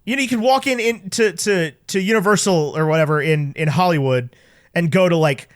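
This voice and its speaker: High-pitched guy on a movie podcast, super animated, trips over his words, dry close mic. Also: a little fast, clean tone, no echo. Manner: animated, stumbling restarts, quotes people in voices. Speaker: podcast co-host. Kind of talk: casual movie chat.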